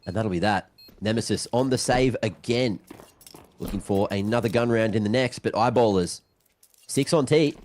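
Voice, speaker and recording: A young man casting a game play by play, excitable, with banter between calls. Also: on the low side, moderate pace, a little hiss or hum. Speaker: esports caster. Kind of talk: play-by-play commentary.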